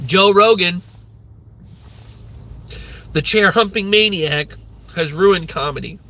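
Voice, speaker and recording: A man's voice: high-pitched, takes it slowly, bright, forceful tone. A man in his thirties hosting a livestream, ranting in a rambling way with lots of swearing and filler words. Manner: rambling, profane, many fillers. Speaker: livestream host.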